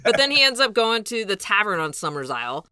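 A man's voice: high-pitched, big pitch swings, fairly quick, pushed and bright, clean tone, no room sound, clean studio sound. A man chatting casually with friends, recapping a film's plot, laughing often and swearing casually. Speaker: podcast co-host recapping a film. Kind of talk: casual chat.

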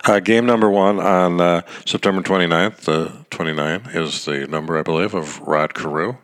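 A man's voice: deep voice, fairly even intonation, normal speed, fairly bright tone, smooth. A middle-aged man hosting a podcast, rambling in a chatty, wisecracking way through casual baseball commentary. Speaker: podcast host.

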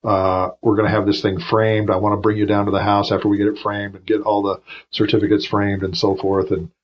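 Man in his fifties, low-pitched, husky, rambling storyteller, retired officer on a podcast. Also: completely flat delivery, a little fast, dull audio. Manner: rambling, emotional anecdotes with many restarts. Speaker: podcast guest, retired Air Force officer. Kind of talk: storytelling in a casual interview.

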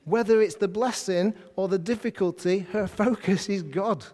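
A man preaching a sermon to a congregation in a lively, conversational way, often putting questions to them. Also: sits high, moderate pace. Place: church hall. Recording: hall reverb.

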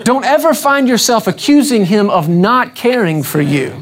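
A man preaching a sermon with a lively, swooping voice that climbs and falls as he drives each point home. He talks emphatically, repeats his questions, and calls on the congregation to answer back. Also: very high voice, moderate pace.

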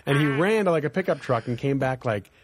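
A man telling stories in a casual chat, animated and laughing often as he acts out the people in them. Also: mid-range voice, fast, dry recording.

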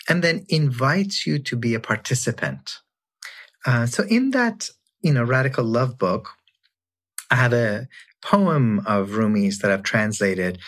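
A man talking thoughtfully in an online interview, sometimes reading poetry lines in a hushed voice. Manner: slow, lively pitch, reads poem lines with hushed voicing. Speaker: guest scholar.

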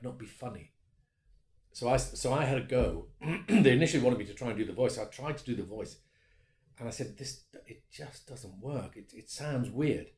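A middle-aged voice actor, chatting in an interview in a self-deprecating way, laughing often. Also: male voice, on the low side, darkish tone. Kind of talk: casual interview chat. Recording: roomy echo.

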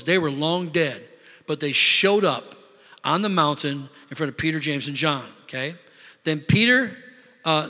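A man's voice: on the high side, pushed and bright. A man preaching a sermon as pastor, calling for amens and asking the congregation to respond. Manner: preaching with call-and-response asides. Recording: long reverb of a large hall.

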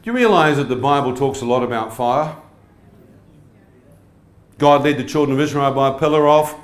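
A man delivers an animated sermon, speaking at a medium pitch. He keeps throwing questions out to his listeners. His voice rings in an echoey hall. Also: moderate pace. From New Zealand. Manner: animated, asks the crowd questions. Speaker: evangelist. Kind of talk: sermon testimony.

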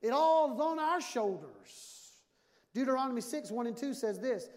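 High-voiced joking preacher in a reverberant hall. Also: male voice, moderate pace. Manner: animated, jokey, acts out dialogue. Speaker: pastor. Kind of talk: sermon with humor.

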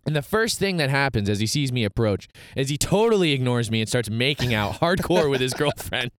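A young man tells a story in a smooth, resonant voice, recorded close and dry. He talks in a lively way, laughing and acting out what people said. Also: mid-range voice, brisk, no room sound. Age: young adult. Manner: animated storytelling with laughs and acted quotes. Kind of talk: casual chat.

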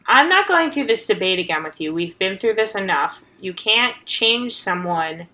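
A woman's voice: mid-range voice, big pitch swings, moderate pace, sharp tone. A woman co-hosting a comedy podcast who teases her co-host in an exasperated way. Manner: exasperated, teasing.

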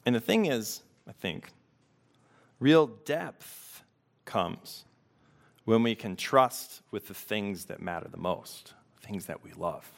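A man preaching a sermon as pastor, reflective and unhurried, pausing to let questions sink in. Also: lowish voice, expressive, gravelly.

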